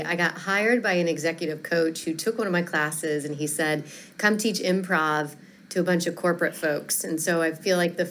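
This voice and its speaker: A woman's voice: lowish voice, a bit bright, slight background noise. A woman who coaches public speaking, talking enthusiastically and chattily in a podcast interview.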